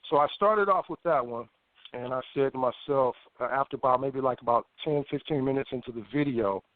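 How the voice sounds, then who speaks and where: A man, a guest on a phone interview, telling a personal story in a lively way, with stammered restarts and acted-out thoughts. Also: mid-range voice, fairly quick, dry recording. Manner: animated, stammering restarts, acts out his own past thoughts. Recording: tinny phone line, dry.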